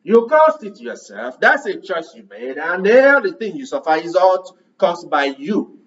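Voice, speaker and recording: A man's voice: sits high, sing-song, a little slow, distant mic, dull audio. A man preaching a sermon, pressing his listeners with repeated rhetorical questions.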